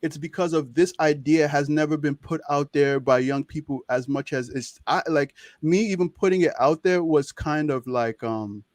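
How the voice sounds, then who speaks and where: A man's voice: fairly high pitch, normal speed, hardly any pauses, a little mellow, dry recording. A young man with a Nigerian accent, talking as an interview guest in a passionate, emphatic way and repeating words to press his points. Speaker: interview guest, medical student. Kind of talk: casual interview conversation.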